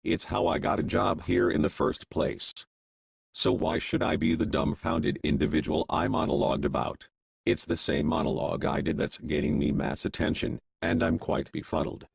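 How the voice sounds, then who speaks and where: A man's voice: a bass voice, normal speed, vocal fry, slightly rough, full character voice. A man playing a pompous male philosophy show host in an amateur comedy sketch, monologuing in a grand, wordy way. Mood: grandiose.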